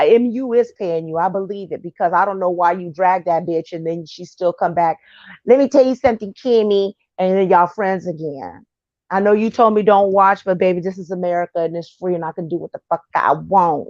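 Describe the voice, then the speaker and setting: A low-pitched woman talks in a blunt, sassy, trash-talking style, dishing gossip on a livestream. Her voice sits close and dry, with a slightly dull, lo-fi sound. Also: dry recording. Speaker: livestream commentator. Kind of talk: casual gossip commentary.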